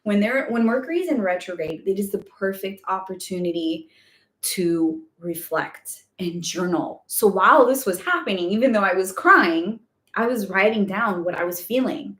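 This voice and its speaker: A woman's voice: mid-range voice, lively intonation, normal speed, fairly bright tone. A woman hosting a casual live spiritual Q&A, chatty and rambling with lots of fillers. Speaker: spiritual guidance host. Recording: echoey room.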